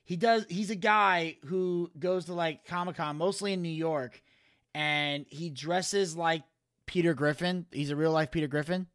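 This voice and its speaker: A man's voice: fairly high pitch, steady tone, unhurried, a bit bright. A man co-hosting a podcast, chatting casually and telling rambling stories with lots of fillers. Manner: rambling storyteller, drops into cartoon impressions. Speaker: podcast co-host. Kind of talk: casual chat.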